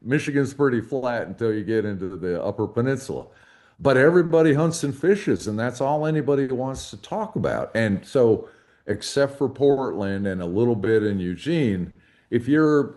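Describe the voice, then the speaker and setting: A man's voice: mid-range voice, normal speed, darkish tone. A man talking as a podcast guest and advocate for hunters, in a folksy, emphatic conversational way. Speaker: hunting rights advocate, guest.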